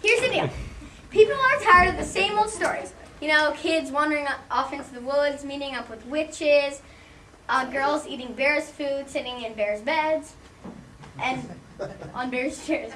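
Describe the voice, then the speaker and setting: A woman's voice: sits high, unhurried, sharp tone. A woman playing a blustering, vain rich tycoon boss who barks orders, in an amateur stage play. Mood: scheming. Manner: barking, boastful, mocking. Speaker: stage actor. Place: theatre stage, heard from the audience. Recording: echoey hall from far off, faint noise.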